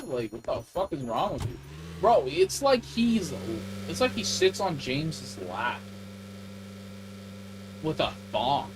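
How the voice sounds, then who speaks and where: A man's voice: fairly high pitch, low-quality recording. Man ranting with heavy swearing. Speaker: livestreamer. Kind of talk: casual rant while livestreaming gameplay. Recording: game stream with music playing behind. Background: clear background music.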